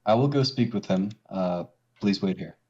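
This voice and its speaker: Courteous low-voiced shrine monk, a guy putting him on, stiff and formal. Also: normal speed, darkish tone, lo-fi sound, lightly acted. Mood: polite. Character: male shrine monk, polite and guarded.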